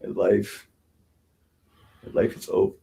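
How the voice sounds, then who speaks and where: A man with a mellow voice speaks at a slow pace while hosting a livestream. He rambles on in a sarcastic, self-pitying rant, frequently making fun of others.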